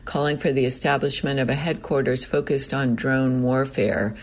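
Male news reader, mid-pitched, steady measured read of a written report. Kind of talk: reading a news report aloud.

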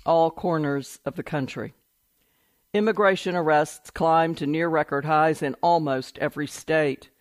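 A man reading a news article aloud in an even, measured way. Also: a little high, no room sound. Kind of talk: read-aloud news report.

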